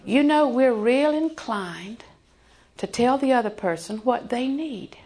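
A woman in her sixties preaching a sermon in a folksy, joking way, sometimes dropping to a hushed voice for emphasis. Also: fairly high pitch, expressive, unhurried.

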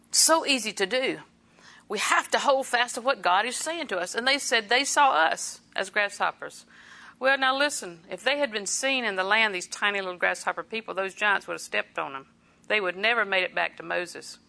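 A middle-aged woman giving a sermon, her voice bright and forward. She talks to the congregation in a relaxed, conversational way, breaking into small laughs and acting out quick quoted lines. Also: medium pitch, gravelly. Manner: conversational preaching with chuckles and quoted asides. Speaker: preacher.

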